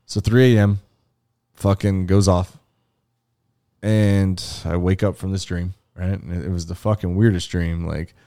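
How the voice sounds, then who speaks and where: Low-voiced man telling a profane story. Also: steady tone, a little slow, mellow. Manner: profane, storytelling with acted-out quotes. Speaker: podcast co-host. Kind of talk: casual chat.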